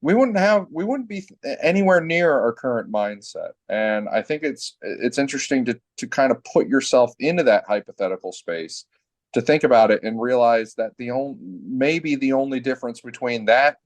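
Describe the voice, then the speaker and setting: A man's voice: mid-range voice, no echo. A man hosting a sports podcast in casual chat, talking in long rambling runs full of fillers and restarts. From New England family.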